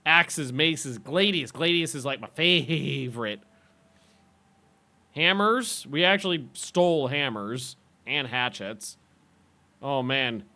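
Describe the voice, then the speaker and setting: A man's voice: mid-range voice, animated, slow, sharp tone. A man casually chatting with viewers while streaming a game, rambling and laughing often.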